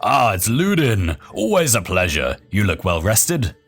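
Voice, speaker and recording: A man voicing a jovial, hearty male caravan leader in a game, speaking slowly and cheerfully. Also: lowish voice, huge pitch swings, fairly bright tone, soft background music, full character voice.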